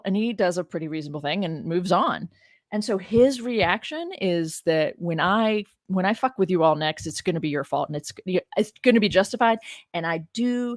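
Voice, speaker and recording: A woman's voice: medium pitch, animated, moderate pace, no echo, studio quality. A woman who teaches religion, giving casual commentary on a scripture reading, emotional, exasperated and blunt. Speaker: religion professor.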